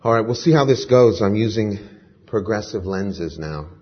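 A man's voice: on the low side, animated, moderate pace, husky, muffled recording. A male pastor praying and then telling a story earnestly during a sermon.

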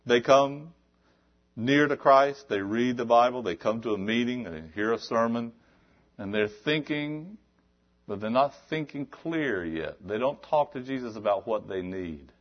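Preacher, quiet then booming. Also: male voice, expressive, unhurried, lo-fi sound. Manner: swings from quiet to loud, exhorting. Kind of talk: sermon.

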